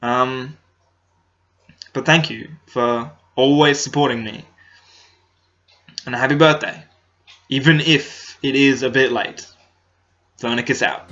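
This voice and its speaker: A man's voice: medium pitch, steady tone, slow pace, long pauses, a bit bright. A young man, talking casually to his camera, hesitant, with many ums and restarts, recorded on a laptop's built-in microphone. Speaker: comedy vlogger. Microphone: laptop built-in mic. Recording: dull lo-fi laptop mic.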